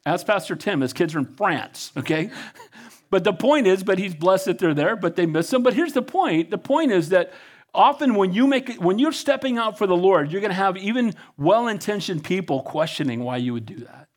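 A man's voice: high voice, animated, normal speed. A man preaching a fervent sermon, reading scripture aloud and urging his listeners to action. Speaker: pastor.

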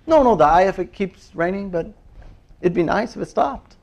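Animated high-voiced male preacher. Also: normal speed, gravelly. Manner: animated, chatty, laughs often, acts out quoted prayers. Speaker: pastor. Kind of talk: sermon.

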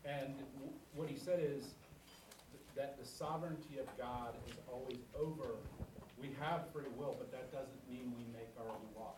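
A man's voice: medium pitch, moderate pace. Distant man speaking up in class. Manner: thoughtful, explains step by step with some restarts. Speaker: class member. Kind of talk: group discussion comment. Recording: roomy, distant room mic with background hum.

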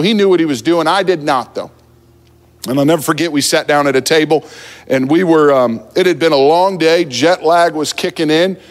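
A man from New Jersey preaching a sermon, telling a funny story about himself in a relaxed, conversational way from the pulpit. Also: a little high. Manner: humorous, self-deprecating, conversational. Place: church sanctuary at the pulpit. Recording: long church hall reverb.

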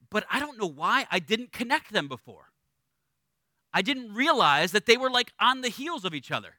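Animated, bright-voiced male pastor preaching. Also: high voice, no room sound. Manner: animated and conversational, acts out voices for stories. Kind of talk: sermon.

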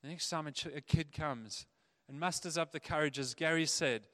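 A man preaching a sermon, animated, acting out the voices of the people in his stories. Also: a little high, normal speed. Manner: animated, acts out quoted voices. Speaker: pastor.

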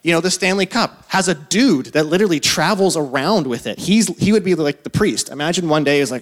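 A man in his thirties who is a pastor, preaching a sermon in a casual, conversational way, full of asides and quick laughs. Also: a little high, animated. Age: 30s.

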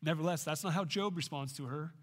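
A pastor preaches a sermon emphatically and fast, his voice swinging in pitch and loudness.

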